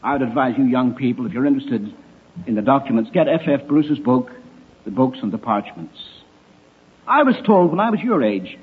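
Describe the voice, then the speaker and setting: Older man preaching through a tinny line. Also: mid-range voice. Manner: lively, emphatic, wry rhetorical questions. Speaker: speaker addressing young people. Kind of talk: evangelistic talk with anecdotes. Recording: tinny phone-like recording.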